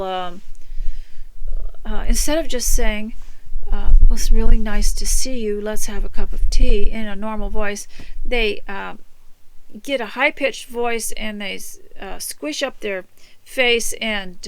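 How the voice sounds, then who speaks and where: A woman's voice: medium pitch, fairly bright tone, clear, resonant tone, poor audio. A woman hosting a homemaking radio show, giving earnest, instructive advice in a casual talk to her listeners.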